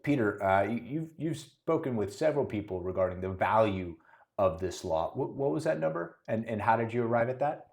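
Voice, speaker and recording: This Miami realtor, co-hosting a laid-back podcast, has a lowish, creaky, slightly mellow voice that moves a little fast with lively intonation. He's talkative and opinionated, frequently breaking off and starting his sentences over.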